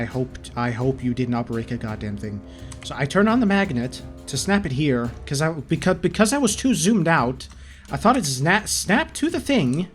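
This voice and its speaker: A man ranting with exasperation and heavy swearing while recording his screen, often stammering into restarts, his throat sore. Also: on the high side. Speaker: channel host.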